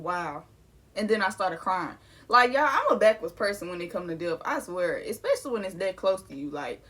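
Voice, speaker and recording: A woman's voice: medium pitch, fairly bright tone. A young adult woman telling a personal story in a casual, candid way, full of slang and swearing. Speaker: vlogger.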